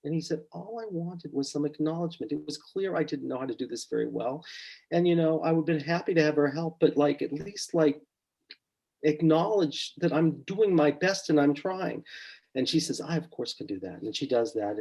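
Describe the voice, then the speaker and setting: Husky middle-aged man telling a story. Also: a little high, moderate pace, poor audio. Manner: relaxed storytelling, acts out clients' voices quietly. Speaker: psychotherapist guest. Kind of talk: storytelling in a podcast interview.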